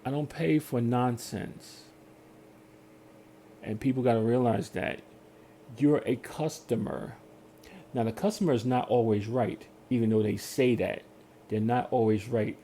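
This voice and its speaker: A man's voice: mid-range voice, measured pace, pauses often, slight background noise. A man telling a story in a casual rant, acting out customer service calls in different voices. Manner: animated storytelling, acts out phone calls in voices. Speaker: podcast host.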